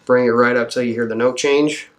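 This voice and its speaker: A man's voice: mid-range voice, fairly quick. Man talking through a guitar setup. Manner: relaxed, thinking aloud while working, with fillers. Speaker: guitar builder demonstrating a setup. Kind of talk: hands-on instructional walkthrough.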